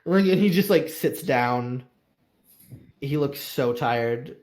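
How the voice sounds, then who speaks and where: A man's voice: mid-range voice, expressive, darkish tone. Casual male game master narrating. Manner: casual, halting, voices characters in quick asides.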